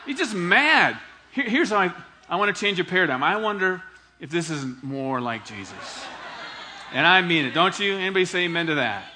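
Bright, animated male preacher. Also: a little fast, slight background noise. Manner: animated, acts out quoted voices with big swings in pitch and loudness; conversational, asks the congregation for responses. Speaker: pastor. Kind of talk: sermon.

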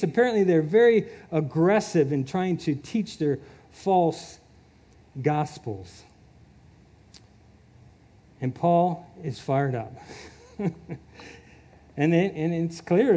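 A man with a high, mellow voice preaches and reads scripture aloud. He talks in an animated way, laughing often as his reading builds in fervor.

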